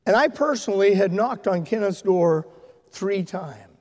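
A male pastor telling stories in a sermon, swinging from loud, excited shouting to hushed, tender speech. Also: high voice, unhurried, long reverb tail. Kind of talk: sermon storytelling. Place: church sanctuary.

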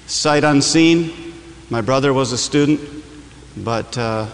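A man's voice: medium pitch, takes it slowly, in a large hall. A man from Michigan preaching a sermon, telling stories in a conversational, joking way. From Michigan, USA. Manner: conversational, self-deprecating humor, frequent "uh"s. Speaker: campus preacher. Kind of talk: sermon with personal storytelling.

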